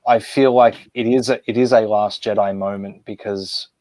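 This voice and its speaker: A man's voice: on the low side, fairly even intonation, normal speed, a little mellow, no room sound, poor audio. A man co-hosting a podcast, speaking bluntly and swearing when annoyed. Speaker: podcast co-host. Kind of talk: casual podcast chat.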